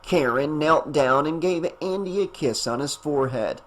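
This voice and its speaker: A man narrating a horror audiobook in a steady, even voice. His voice sits a little higher than usual for a man. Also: moderate pace, few pauses. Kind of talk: scripted narration.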